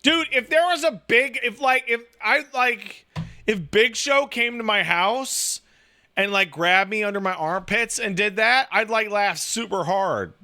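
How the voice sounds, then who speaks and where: A man in his thirties chatting casually about raising a baby, profane and animated, full of "like" and restarts. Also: high voice, measured pace. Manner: profane, animated storytelling with lots of "like". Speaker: podcast talker, new father. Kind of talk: casual chat.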